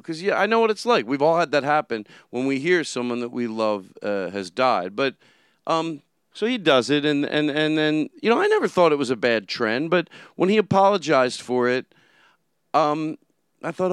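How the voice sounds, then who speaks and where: Man, lively pitch swings, smooth clear voice, dry close mic, rambling solo commentary. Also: normal speed, dry recording. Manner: rambling, with many restarts and fillers. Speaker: solo show host. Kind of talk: casual commentary monologue.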